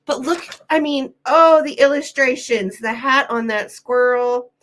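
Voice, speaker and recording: A woman's voice: sits high, unhurried, a bit bright. A middle-aged woman hosting a live vintage sale, cooing over old children's books and running bids for her viewers. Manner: gushing, delighted, talks to chat viewers. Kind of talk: live auction chat, reading children's books aloud.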